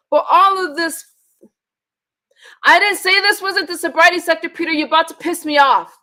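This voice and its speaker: A woman's voice: very high voice, moderate pace, long pauses, sharp tone. A woman hosting a live online panel, bluntly and profanely scolding her viewers. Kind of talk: live-stream chat, ranting to viewers.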